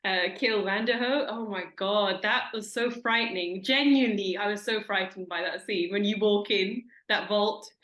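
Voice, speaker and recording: Chatty bright-voiced woman host, echoey room. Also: mid-range voice, normal speed, few pauses. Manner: chatty, enthusiastic, many fillers and restarts. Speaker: interviewer host. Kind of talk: casual interview.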